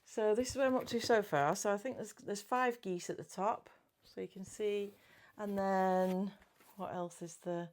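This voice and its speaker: A woman's voice: mid-range voice, moderate pace. A middle-aged woman chatting casually about her cross-stitch projects, giggly and often correcting her own words. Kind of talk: casual chat.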